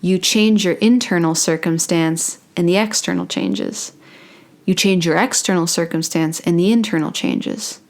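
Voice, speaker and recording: A young adult woman channeling spirit in a casual talk to camera, playful and drifting into soft whispered asides. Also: fairly low pitch, moderate pace. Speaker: spiritual channeler and meditation host.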